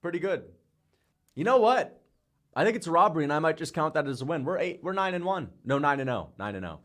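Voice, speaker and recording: A young man streaming live, calling fight picks with hyped, shouting bursts, swearing and playful trash talk. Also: a little high, expressive, fast. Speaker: livestreamer making fight picks. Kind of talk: excited livestream reaction commentary.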